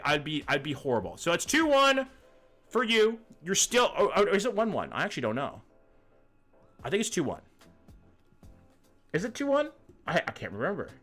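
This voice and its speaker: A man's voice: fairly high pitch, fairly bright tone. Chatty young man streaming, thinking aloud. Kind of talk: live-stream commentary with chat.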